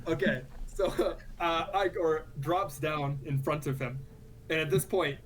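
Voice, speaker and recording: Giggly male game master, slightly high voice, noisy stream audio. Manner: laughing often, halting with fillers. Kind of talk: narrating a tabletop game.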